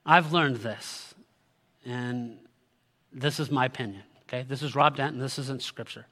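A man's voice: medium pitch, unhurried, pushed and bright. A man giving a sermon as a pastor, earnest and direct, building to emphatic peaks. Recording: long hall reverb.

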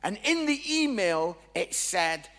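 A Scottish man, a Christian comedian, telling a humorous testimony in an animated, jokey storytelling way. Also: high-pitched, slow pace, long reverb tail. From Scotland.

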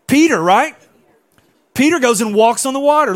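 A man preaching a sermon as pastor, animated and often putting questions to his congregation. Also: extremely high pitch, moderate pace.

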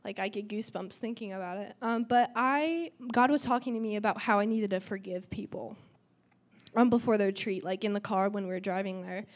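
A woman's voice: mid-range voice, fairly quick. A teenage girl giving a church testimony in a chatty way, full of "um" and "like," acting out quoted dialogue. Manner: chatty, lots of "um" and "like", acts out quotes. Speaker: youth testimony speaker.

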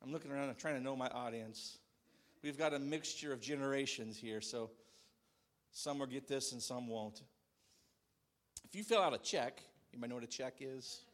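A man in his thirties preaching a sermon to a congregation in a church, animated and shouting out quoted calls. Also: mid-range voice, moderate pace. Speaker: pastor.

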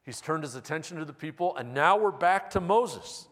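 A man's voice: fairly high pitch, expressive, normal speed, fairly bright tone. A male pastor giving a conversational sermon with wry, self-deprecating humor. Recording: long reverb of a large hall.

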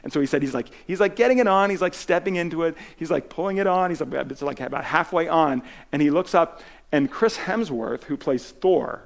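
A man's voice: fairly high pitch, brisk, vocal fry. A man pastor giving a conversational sermon, telling stories with many restarts and filler words.

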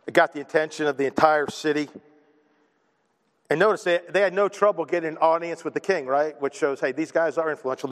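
A man's voice: sits high, fairly bright tone, long reverb tail. A man preaching a sermon, joking and poking fun at himself between points. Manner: joking, self-deprecating asides. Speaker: pastor.

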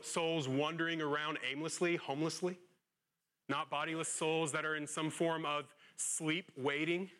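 Earnest man preaching, fairly high voice. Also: fairly bright tone. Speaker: pastor. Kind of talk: sermon.

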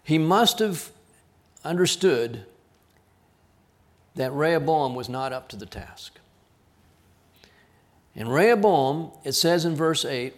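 With a mid-range voice, this South Texas pastor preaches slowly and animatedly, pausing often. He's earnest throughout and lets key words fall into quiet emphasis.

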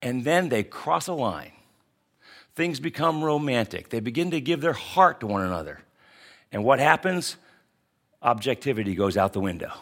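A man's voice: medium pitch, sing-song, moderate pace. A man pastor giving a conversational sermon that teaches through rhetorical questions.

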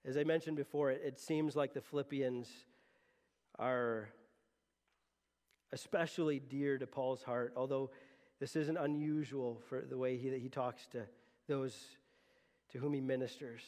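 A man's voice: mid-range voice, fairly even intonation, unhurried, pauses often, a little mellow. A man preaching a sermon as pastor, earnest and conversational, often restarting his sentences. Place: church sanctuary. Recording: long reverb of a church hall.

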